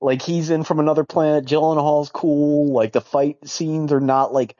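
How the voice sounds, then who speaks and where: A man's voice: on the high side, fairly even intonation, moderate pace, warm tone, dry recording. A man co-hosting a casual movie review chat, sarcastic and laughing as he talks. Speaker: podcast co-host. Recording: dull lo-fi sound, dry.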